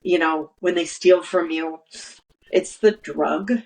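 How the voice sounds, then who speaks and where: A woman's voice: sits low, fairly even intonation, slow pace, darkish tone, poor audio. A woman guest in an interview, telling stories earnestly with lots of restarts and acted-out quotes. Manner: earnest storyteller, acts out quoted dialogue, many restarts. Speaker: guest, nursery founder. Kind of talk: conversational interview.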